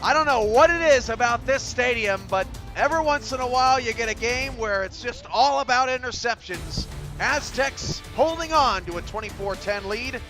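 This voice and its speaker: Excitable male play-by-play voice. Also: extremely high pitch, moderate pace, few pauses, soft background music. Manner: excitable, surges loud on big plays. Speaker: play-by-play commentator. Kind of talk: sports commentary.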